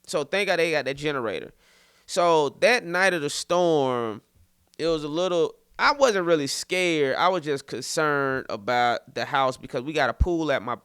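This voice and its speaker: A comedian in his thirties from St. Petersburg, Florida, hosts a podcast and casually tells a story, his fairly high voice clean in an echo-free studio recording. He's animated and loose, repeating words and performing the quotes.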